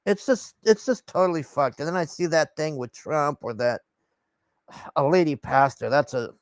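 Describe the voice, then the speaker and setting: A man's voice: fairly high pitch, moderate pace, dry recording. A man ranting casually to his camera, rambling and exasperated, swearing often and trailing off with sighs. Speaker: vlogger.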